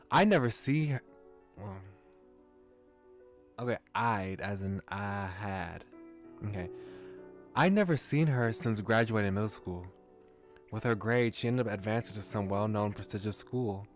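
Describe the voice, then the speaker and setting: A man streaming a visual novel, reading it aloud with chuckling, musing asides. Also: on the low side. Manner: chuckling, musing asides between read lines.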